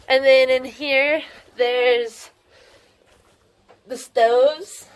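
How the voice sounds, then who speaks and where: An exhausted, emotional woman hiker vlogging to camera indoors in a half-built shelter, gushing and rambling and often laughing. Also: high-pitched. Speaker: long-distance hiker. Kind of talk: casual vlog, talking to camera.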